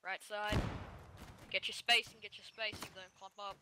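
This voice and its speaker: A man's voice: high-pitched, level tone, moderate pace, bright, forceful tone, slight background noise. An Australian man commanding his line over game voice chat, giving urgent, swearing orders through a headset. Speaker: line battle officer.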